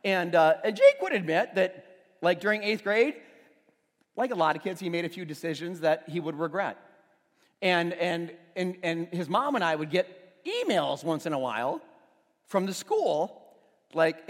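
Pastor in his forties, slightly high voice, chatty sermon that builds to loud emphasis, long church-hall echo. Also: animated, normal speed. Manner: conversational storytelling, restarts, swells to loud emphasis. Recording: long reverb of a church hall, faint music.

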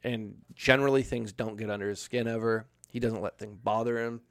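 A man's voice: lowish voice, fairly even intonation, fairly quick, dry recording, studio quality. A young man telling a casual, profane story on a podcast, acting out quoted lines as he goes. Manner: swears a lot, acts out quotes.

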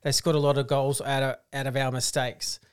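Australian man, casual sports chat, smooth clear voice, animated delivery. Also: mid-range voice, brisk. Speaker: football podcast co-host.

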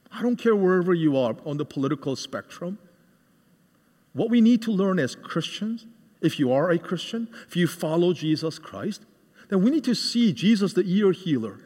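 A man preaching a sermon with a cordless microphone, animated and quizzing the congregation with questions. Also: sits high. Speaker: guest preacher. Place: church hall. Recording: reverberant hall.

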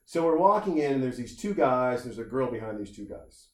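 A man in casual conversation spins an animated story, slipping into quick voices for the people he describes and cursing as he goes. His voice sits at a middle pitch. The sound is roomy, with a noticeable echo around him. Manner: animated anecdote telling with quoted voices and swearing.

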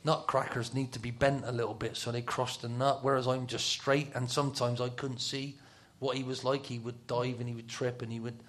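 A man's voice: medium pitch, level tone, brisk, few pauses, a bit bright. A middle-aged man telling football stories in a casual talk, laughing often and dropping to a whisper for his inner thoughts. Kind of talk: casual storytelling on a talk show.

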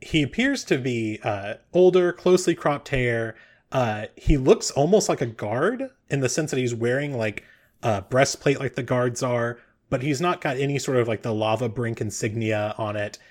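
A man runs a tabletop game as its game master, narrating at an easy pace. He speaks in a middle register and pauses often as he describes the scene. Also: mid-range voice. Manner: relaxed, hesitant with fillers.

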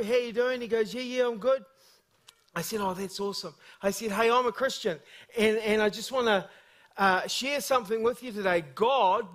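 A man preaching a sermon as a guest speaker, telling funny stories with lively energy. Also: high voice. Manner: storytelling, humorous and energetic.

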